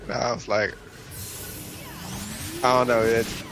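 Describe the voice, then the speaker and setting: A man with a Southern US accent, a guest in a casual gaming chat, speaking in a relaxed, hesitant way as he searches for words. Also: medium pitch, slow, over music. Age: adult. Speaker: guest co-host.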